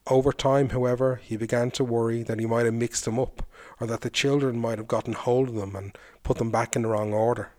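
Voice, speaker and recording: A man's voice: medium pitch, steady tone, brisk, a little mellow. A man hosting a podcast, narrating a folk tale and then chatting reflectively about it. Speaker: folklore podcast host. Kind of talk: storytelling narration.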